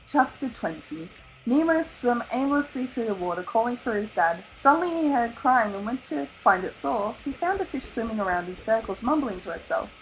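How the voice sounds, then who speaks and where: A woman with an Australian accent reading a children's novel aloud in an animated, expressive way. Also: on the high side, moderate pace, soft background music, rough recording. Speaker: storybook reader.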